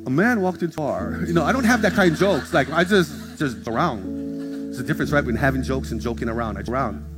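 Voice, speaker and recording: A man delivers a storytelling sermon, switching into other people's voices to act out the story. Guitar music plays clearly behind him the whole time. His pitch sits in the middle for a man. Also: fast talker. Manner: animated, acts out voices in anecdotes. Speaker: pastor. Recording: background music under the preaching.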